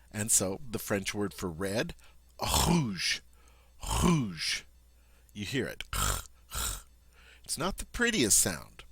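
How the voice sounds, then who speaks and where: Low-voiced man teaching pronunciation. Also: a bit bright, no echo. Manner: patient, demonstrates sounds slowly, checks in with "all right?". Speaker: language teacher. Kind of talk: pronunciation lesson.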